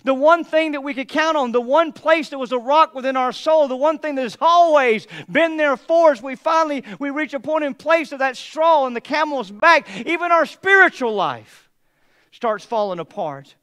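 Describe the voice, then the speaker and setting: A man pastor preaching a sermon, moving from hushed, heavy passages to emphatic, mocking asides. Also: very high voice, moderate pace.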